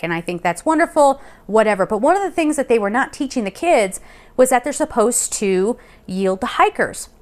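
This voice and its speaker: A young adult woman vlogging, telling a rambling personal story in a chatty, animated way and laughing now and then. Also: medium pitch. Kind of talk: casual storytelling. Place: Colorado Springs.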